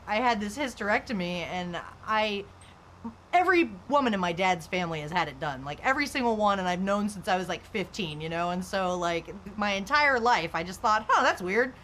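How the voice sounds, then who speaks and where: A woman's voice: mid-range voice, a bit bright. Young woman streamer rambling on, says like a lot, candid chit-chat while she plays, faint hiss behind. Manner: rambling, candid, heavy use of "like". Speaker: live streamer.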